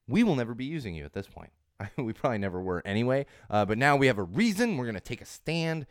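A man hosting his own podcast, ranting with animated sarcasm and exasperation in a voice that sounds strained and worn. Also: medium pitch, fast talker, few pauses, no room sound, clean studio sound. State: strained, fading voice. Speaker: podcast host. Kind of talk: opinionated solo podcast rant.

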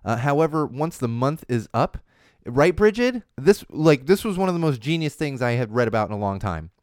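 Male podcast host, 30s, lively swooping delivery, dry close sound, casual news riffing. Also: a little high, brisk, smooth, dry recording. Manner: animated, riffing, rambling asides.

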